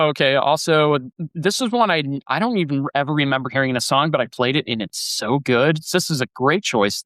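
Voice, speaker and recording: Male podcast host, rambling and enthusiastic, smooth tone, bone-dry close-miked sound. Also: fairly high pitch, a bit bright, dry recording. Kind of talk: casual podcast chat.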